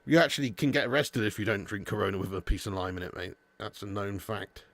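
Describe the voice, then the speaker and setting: Chatty matey watch-along host, dry mic. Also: male voice, fairly low pitch, fairly even intonation, quick pace, gravelly, a bit bright, no echo. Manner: chatty, banters with chat, calls viewers mate and lad. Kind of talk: casual live-stream chat.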